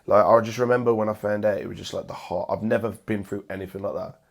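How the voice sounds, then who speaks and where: A man's voice: fairly low pitch, steady tone, quick pace, creaky. A man from England in his thirties, a podcast guest talking hesitantly, with repeated words and fillers, about a painful loss. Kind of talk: emotional casual conversation.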